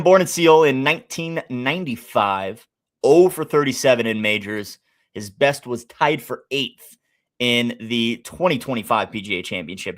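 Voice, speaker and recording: Chatty Midwestern man hosting a stream. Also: medium pitch. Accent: Midwestern American. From American Midwest. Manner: chatty, thinking aloud, shouting out chat members. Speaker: sports betting stream host. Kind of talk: casual live-stream chat.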